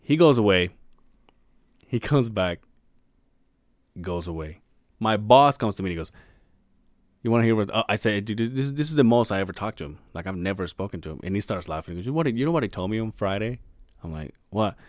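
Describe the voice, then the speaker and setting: A man's voice: on the low side, brisk, long pauses, dry recording, studio quality. A man co-hosting a podcast, telling a work story in casual, profane chat. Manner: profane, animated, swears a lot. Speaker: podcast co-host; construction worker.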